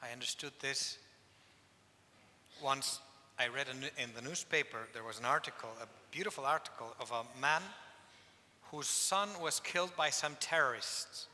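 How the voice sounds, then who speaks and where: A priest preaches at a penitential service, telling stories in an animated, emphatic way and repeating key phrases. His mid-range voice moves at a normal speed, with a little hiss or hum and the long reverb of a church hall in the recording.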